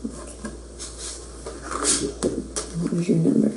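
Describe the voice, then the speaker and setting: A woman's voice: slow, echoey room, background noise. A woman from the United States, a voice actress who chats casually with fans while she signs autographs. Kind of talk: casual live-stream chat.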